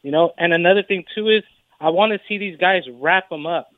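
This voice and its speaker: A man phones in to a sports radio show and talks casually in a conversational tone. His voice comes through a narrow, tinny phone line. The sound is dry, with a slightly higher pitch than most men. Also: brisk, no room sound. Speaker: caller. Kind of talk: phone-in call.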